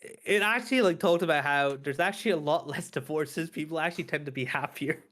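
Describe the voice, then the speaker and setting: Male co-host, slightly high voice, hesitant chatty delivery. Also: fast talker, a bit bright. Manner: chatty, hesitant, laughs often. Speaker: podcast co-host. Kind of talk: casual chat.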